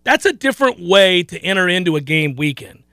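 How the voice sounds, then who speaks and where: A man's voice: high voice, big pitch swings, brisk, vocal fry, bright, forceful tone, smooth, no room sound. A man hosting a sports talk show, chatting animatedly about his team and often restarting his sentences. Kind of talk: casual sports talk commentary.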